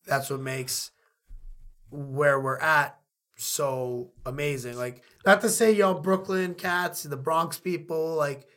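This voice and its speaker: A man from Queens with a New York accent, an excitable podcast co-host who rambles and repeats himself in casual chat. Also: a little high, slow pace.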